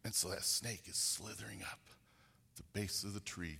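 A man's voice: lowish voice, steady tone, moderate pace, vocal fry, pushed and bright, breathy edge, big-room sound. A man preaching a sermon, telling a story in a rambling, folksy way with frequent restarts. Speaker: pastor.

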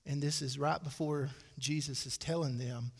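A man's voice: medium pitch, steady tone, normal speed, gravelly, husky. A man, preaching a sermon to his church in a folksy, conversational way with dry asides. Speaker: pastor. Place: church sanctuary. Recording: hall with long reverb.

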